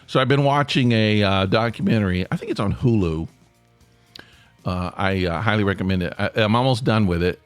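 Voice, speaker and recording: Man, podcast host, low voice, dry close sound, casual rambling chat, self-interrupting. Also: brisk, smooth, dry recording, faint music behind. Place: home near Atlanta.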